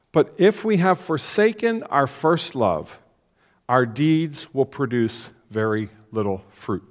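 Lively-voiced man preaching in a reverberant hall. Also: a little high. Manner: conversational preaching with rhetorical questions and acted-out quotes. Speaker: pastor. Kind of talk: sermon.

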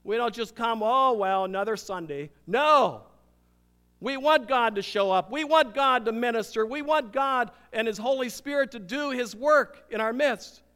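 An older man, a pastor, preaching a sermon with emphatic swings between loud declarations and hushed, intimate moments. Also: very high voice, measured pace, clean tone. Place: church sanctuary. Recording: long hall reverb.

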